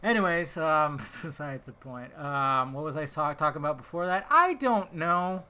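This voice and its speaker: A man's voice: a little high, normal speed, bright, forceful tone, smooth. A young adult man hosting his own podcast, rambling casually from topic to topic with frequent tangents and swearing. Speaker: podcast host.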